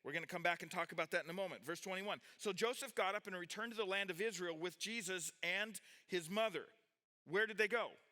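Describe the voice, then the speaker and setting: Man preaching, higher voice, bright tone, animated with restarts. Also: a little fast. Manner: animated, with restarts, questions to the audience. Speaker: pastor teaching a youth group. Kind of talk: sermon with Bible reading.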